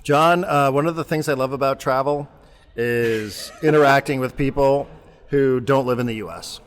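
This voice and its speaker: A man co-hosting a casual sports podcast, talking in a rambling, halting way with many restarts. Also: mid-range voice, in a large hall. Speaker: podcast co-host. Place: remote, traveling abroad.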